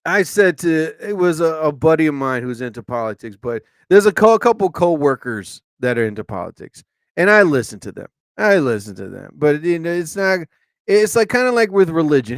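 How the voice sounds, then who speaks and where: A man's voice: on the high side, big pitch swings, normal speed, no room sound. A man hosting his own live show and podcast in a rambling, chatty monologue, laughing often and restarting his sentences.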